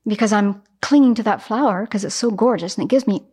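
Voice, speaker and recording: Woman Buddhist teacher, mid-range voice, lively storytelling dharma talk. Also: medium pitch, brisk, breathy edge. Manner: animated, acts out everyday examples.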